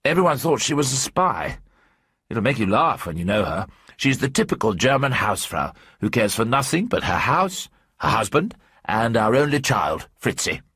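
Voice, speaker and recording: Man voicing a fat chatty English journalist, ingratiating, pitch bouncing around, husky low voice. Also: very animated, moderate pace, fairly bright tone, no echo, clean studio sound, full character voice. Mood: eager. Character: stout chatty English journalist husband, middle-aged.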